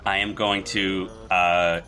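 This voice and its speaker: A man at a tabletop game with a very deep voice and a bright, forceful edge. He talks casually and hesitantly, restarting his sentences. A faint hiss sits behind him. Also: level tone, slow. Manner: hesitant, casual, in-character asides. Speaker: player.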